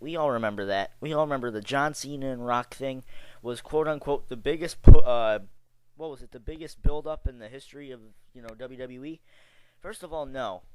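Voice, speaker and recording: A young man from Chicago, rambling through a sarcastic, exasperated rant as a wrestling vlogger. His voice is smooth and clear at a middling pitch, recorded dry and close with no room sound. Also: no echo, rough recording. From Chicago area. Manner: rambling, exasperated, sarcastic, with many fillers and restarts. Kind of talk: casual opinion rant.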